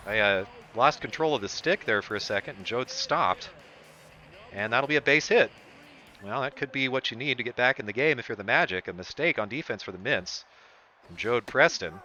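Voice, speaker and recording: A man's voice: medium pitch, sharp tone, dull audio. A man streaming a baseball video game, commentating it like a broadcaster whose voice jumps up on big plays. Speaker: streamer doing play-by-play. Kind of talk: sports-style play-by-play commentary of a video game.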